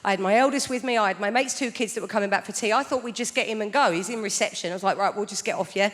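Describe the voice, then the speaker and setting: A woman's voice: mid-range voice, racing, a bit bright. A woman in her forties doing a stand-up routine on a theatre stage, telling stories in a dry, conversational way. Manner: dry, conversational storytelling with mock voices. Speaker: stand-up comedian. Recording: theatre reverb, audible background noise.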